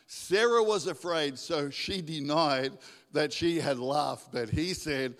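A man preaching a sermon in a church, animated and joking with the congregation. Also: a little high, takes it slowly. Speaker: guest preacher. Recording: echoey hall with long reverb.

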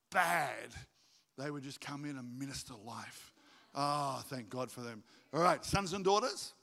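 A man preaching a sermon to his congregation, animated and jokey, acting out stories in high voices. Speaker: pastor. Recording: reverberant hall.

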